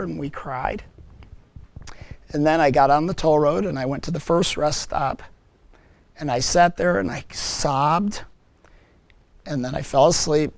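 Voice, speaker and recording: Slow, gravelly man telling a personal story. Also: fairly high pitch. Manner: earnest, reflective storytelling with halting restarts. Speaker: speaker giving a personal witness to a parents group. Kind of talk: personal testimony talk.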